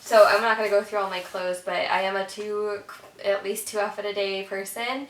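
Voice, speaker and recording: A woman's voice: mid-range voice, little pitch movement, normal speed. A young woman sitting on her floor at home, chatting through a casual packing tutorial with lots of fillers, recorded on a camera set on a tripod. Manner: chatty, rambling with many fillers. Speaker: vlogger. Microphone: camera on a tripod a little way off. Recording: roomy, distant camera mic.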